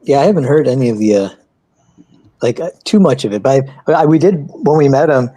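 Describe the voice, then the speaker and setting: Mellow-voiced man telling rambling stories. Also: medium pitch, a little fast, no echo. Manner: rambling storyteller, animated retelling of anecdotes. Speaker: co-host of an art livestream. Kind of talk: casual chat.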